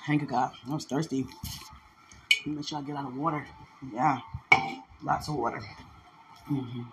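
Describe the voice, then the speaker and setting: A woman's voice: rumbling low, steady tone, normal speed, heavy background noise. A woman in casual, rambling chat, playful and affectionate, laughing often and talking aloud to God.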